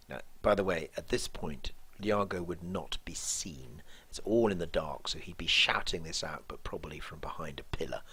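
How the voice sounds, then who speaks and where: A man teaching, walking through a play line by line in a thoughtful, musing way, often pausing and restarting. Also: low voice, sharp tone, breathy edge, no echo.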